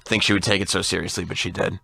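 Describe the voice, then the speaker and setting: A radio co-host in his thirties telling a long story in casual banter, animated and laughing often. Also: deep voice, quick pace, creaky, husky, no room sound. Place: radio studio.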